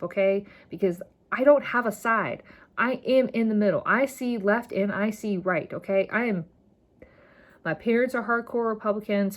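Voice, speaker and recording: A woman in her thirties hosting a solo podcast, talking straight to her listeners. She rambles and gets fired up, hitting words hard when she cares about them. Her voice sits at an ordinary middle pitch. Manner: impassioned, rambling, emphatic. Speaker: podcast host. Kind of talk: casual solo podcast monologue.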